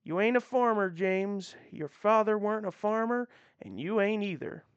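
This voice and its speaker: A woman's voice: mid-range voice, lively intonation, moderate pace, clear, resonant tone, no echo, dull audio, voice pushed up, natural voice. A woman voicing a folksy older male sheriff with a frontier drawl. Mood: earnest.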